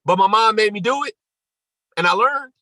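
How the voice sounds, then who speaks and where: Emphatic high-voiced motivational speaker. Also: male voice, expressive, normal speed, no echo, rough recording. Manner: emphatic and repetitive, rising to near-shouts. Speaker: motivational speaker hosting a morning call. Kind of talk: motivational talk.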